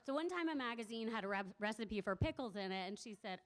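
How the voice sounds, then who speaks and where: This young woman talks fast in a slightly high, animated voice. She warmly shares a personal story with a live crowd at a community event, laughing at times and performing the quoted voices.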